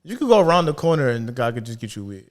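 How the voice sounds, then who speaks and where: A man's voice: medium pitch, big pitch swings, racing. A man hosting a casual podcast chat, bantering loosely in slang and laughing often. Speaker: podcast host.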